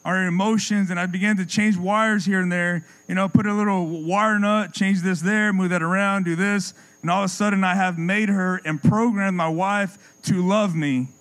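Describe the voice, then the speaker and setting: A man preaching a sermon with passion, repeating words as he builds a point and dropping his voice low and soft for effect. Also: steady tone, moderate pace, few pauses, rough recording.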